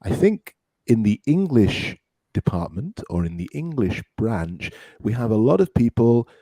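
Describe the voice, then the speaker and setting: A man hosting an English teaching podcast, encouraging his student, praising often and drilling words slowly. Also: mid-range voice, very animated, mellow, no echo, clean studio sound.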